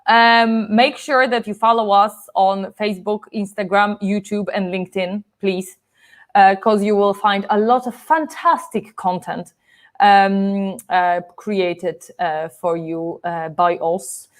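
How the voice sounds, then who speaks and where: A woman's voice: medium pitch, takes it slowly. Chatty Polish-accented woman co-host. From Poland. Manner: chatty, laughs often, many fillers. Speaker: co-host of a live stream. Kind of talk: casual live-stream chat.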